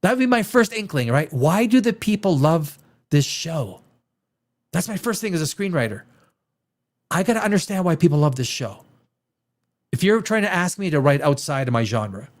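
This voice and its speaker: Guy ranting a tv review, pitch jumps all over, keeps restarting, swears a lot. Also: normal speed, pauses often. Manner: animated, restarts often, swears, mimics dialogue. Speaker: show host and screenwriter.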